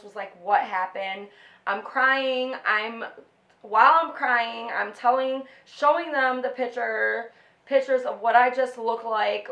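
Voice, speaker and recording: A young woman talks straight to the camera, rambling and emotional and leaning hard on "like" as she tells her story. Her voice sits a touch high, and the room around her rings with echo. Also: fairly bright tone. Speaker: vlogger.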